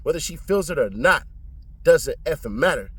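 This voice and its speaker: A man giving casual commentary on a court trial, talking bluntly and profanely in slang, and jumping up in pitch to make a point. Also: expressive, moderate pace, fairly bright tone, breathy edge.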